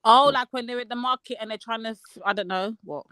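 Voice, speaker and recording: A woman's voice: on the high side, fast talker, bright, forceful tone, no room sound. A woman, co-hosting a streamed panel, teasing a caller and asking him pointed questions. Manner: teasing, questioning, laughs easily. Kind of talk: casual live stream chat.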